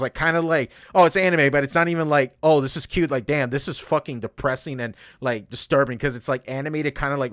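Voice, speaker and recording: A man co-hosting a casual podcast, rambling with lots of fillers and swearing, his voice jumping up when he gets excited. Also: no echo, studio quality. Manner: excitable, voice jumps high when reenacting reactions. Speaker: podcast co-host.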